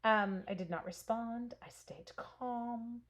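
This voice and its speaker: A woman's voice: a little high, slow pace. A woman in her forties from Canada hosting a casual live stamping stream, telling a long story while cutting paper and answering viewers by name.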